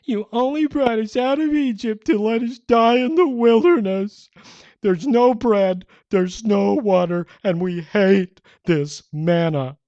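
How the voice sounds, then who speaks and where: A man putting on a high, loud, whining voice for a crowd of spoiled complainers, recorded a little dull. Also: slow pace, no room sound. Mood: whiny. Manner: nasal whine, loud and drawn out.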